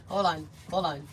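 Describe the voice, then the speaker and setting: A tipsy woman livestreaming from a parked vehicle, giggling, swearing freely and getting excitable, her voice partly lost. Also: fairly low pitch, slight background noise, rough recording. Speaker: livestream host. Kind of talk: tipsy casual livestream chat.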